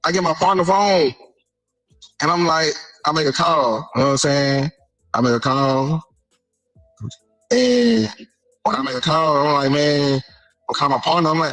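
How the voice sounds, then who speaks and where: A man's voice: on the high side, normal speed, pauses often, fairly bright tone, no echo, faint music behind, rough recording. A man in an interview clip telling a story in casual street slang, acting out what people said and often checking in with his listener. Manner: slangy, keeps repeating a filler question and acting out dialogue. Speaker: interview guest.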